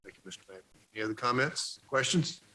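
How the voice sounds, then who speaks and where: A man serving as mayor, chairing a council meeting in a brisk, procedural way. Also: medium pitch, expressive, sharp tone, rough recording. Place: city council chamber.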